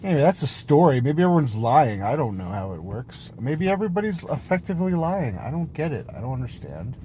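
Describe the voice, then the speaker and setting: A man talks in a loose, meandering vlog, hopping from one idea to the next with a silly, playful streak and plenty of casual swearing. His voice sits at an ordinary middle pitch, with a faint hiss of noise underneath. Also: big pitch swings, brisk, mellow. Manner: meandering, jumps between topics, swears freely. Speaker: vlogger. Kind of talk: rambling casual monologue.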